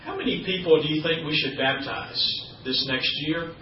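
A man's voice: on the high side, normal speed, a little hiss or hum. A man preaching a sermon in a church, teaching in a conversational way with folksy asides. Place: church sanctuary. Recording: roomy, distant, dull church recording.

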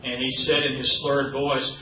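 A man's voice: medium pitch, flat delivery, normal speed, slight background noise. A man preaching a sermon in a church, teaching in a conversational way with folksy asides. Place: church sanctuary. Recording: roomy, distant, dull church recording.

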